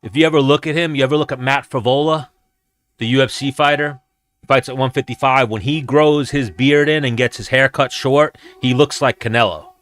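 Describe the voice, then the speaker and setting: A man's voice: medium pitch, fairly even intonation, fairly quick, fairly bright tone. A man hosting a casual fight watch-along, chatting loosely with viewers in a rambling, profane way. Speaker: host.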